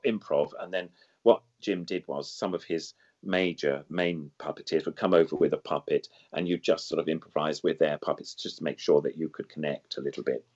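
A man's voice: extremely low pitch, darkish tone. An older man, a guest puppeteer, reminiscing in an interview, enthusiastic and full of superlatives, wandering off on side paths and back. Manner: digressive, loses then regains the thread. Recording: dull lo-fi sound.

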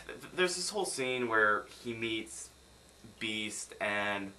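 A man's voice: fairly low pitch, animated, takes it slowly, bright, forceful tone, a little hiss or hum. A young man from the United States ranting sarcastically in a film review vlog.

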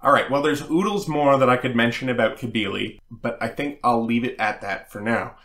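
A man hosting a scripted history lecture, reading in a measured, scholarly way with occasional fillers. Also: medium pitch, fairly bright tone. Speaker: host. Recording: roomy echo.

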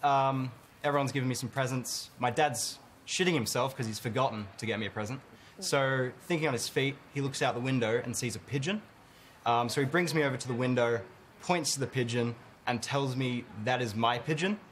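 A young man from Australia, a film student, telling a relaxed childhood story on a TV talk show. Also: medium pitch, fairly quick, a little hiss or hum. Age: young adult. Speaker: audience member telling a story. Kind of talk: casual anecdote. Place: TV studio audience.

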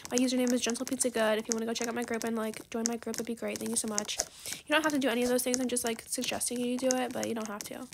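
A woman giving casual gameplay commentary, excitable and gushing, then soft and apologetic when she turns down offers. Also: a little high, rapid-fire, vocal fry, noisy background. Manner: apologetic, soft-spoken when declining trades. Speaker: gaming video creator.

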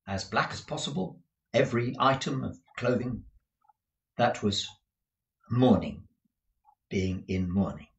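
A man reading a classic novel aloud, in a measured, expressive storytelling manner, with a few explanatory asides. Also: medium pitch, gravelly, dull audio. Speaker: narrator. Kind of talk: audiobook reading with commentary. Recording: roomy echo.

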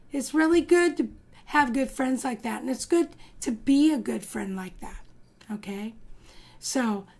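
A woman teacher reading a story and leading a drawing lesson for young children, in a singsong, encouraging way. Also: high voice. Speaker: art teacher.

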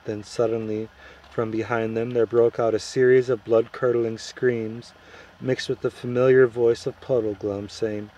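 A man narrating a children's fantasy chapter in a measured, even reading voice. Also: medium pitch, rough recording. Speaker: audiobook reader. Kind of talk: storybook narration.

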